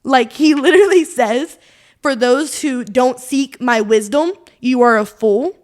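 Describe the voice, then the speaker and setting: A woman's voice: high-pitched, a little slow, darkish tone. A young adult woman co-hosting a casual faith podcast, sharing a personal testimony in an earnest, rambling way, full of "like" and quoted inner thoughts. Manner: earnest, rambling, heavy use of "like"; quotes her own thoughts aloud, laughs often. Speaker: podcast co-host.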